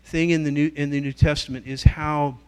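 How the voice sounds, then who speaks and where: A middle-aged man, a guest church leader, giving a teaching talk and telling stories in an animated way, acting out the voices of people he quotes. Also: fairly high pitch, fairly quick, clean tone.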